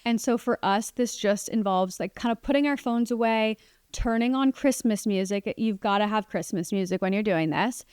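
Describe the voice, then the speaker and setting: Young mom podcaster just chatting away, says like a lot, smooth clear voice, dry close mic. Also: female voice, mid-range voice, normal speed, dry recording. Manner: chatty, warm, many "like" fillers. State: pregnant. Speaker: podcast host. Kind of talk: casual solo podcast talk.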